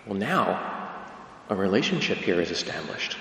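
A man's voice: low-pitched, big pitch swings, normal speed, gravelly, a bit bright. A man preaching a Catholic sermon, emphatic and conversational, often asking the listeners rhetorical questions. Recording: echoey hall with long reverb.

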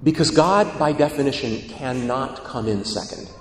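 A man preaching a sermon in an animated, storytelling way, with acted quotes. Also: mid-range voice, normal speed, slight background noise. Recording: echoey hall, long reverb.

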